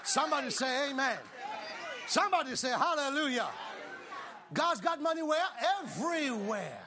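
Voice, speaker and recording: A man preaching an exuberant sermon, often shouting and laughing, calling on the congregation to respond. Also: very high-pitched, expressive, moderate pace, a crowd in the background, noisy background.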